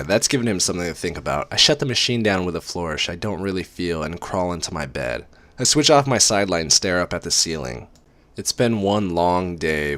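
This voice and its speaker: A man's voice: low voice, fairly bright tone, dry recording. A man reading a book aloud in the first person, breaking off for sarcastic, profane asides. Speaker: reader.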